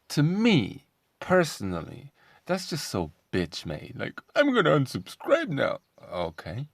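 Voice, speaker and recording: A man's voice: sits low, vocal fry, no echo. A man talking in a casual commentary vlog, sarcastic and combative, firing off rhetorical questions. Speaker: online commentator.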